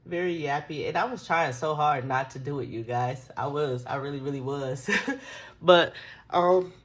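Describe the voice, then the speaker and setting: A young woman with a low voice talks her way through a planner flip-through. She rambles and laughs often, and turns emotional as she goes. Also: normal speed. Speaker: planner vlogger.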